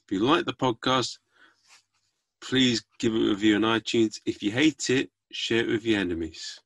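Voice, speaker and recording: A man's voice: mid-range voice, normal speed, a bit bright, dry recording. A man hosting a podcast, chatting casually and signing off with cheeky jokes. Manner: cheeky, jokey sign-off, plain-spoken. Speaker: podcast host.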